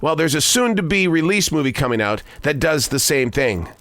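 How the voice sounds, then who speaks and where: Older male host musing aloud, pitch wanders, slows for emphasis, dry close mic. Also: very animated, fairly bright tone, no room sound. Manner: musing, wandering pitch, quick bursts and slow emphatic phrases. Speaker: broadcaster and daily writer. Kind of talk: reflective spoken essay.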